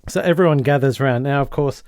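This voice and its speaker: A man, co-hosting a podcast and casually retelling a sitcom episode with lively impressions of the characters. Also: mid-range voice, a little fast, dry recording, studio quality. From Australia. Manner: animated storyteller, mimics the characters' lines. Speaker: podcast co-host.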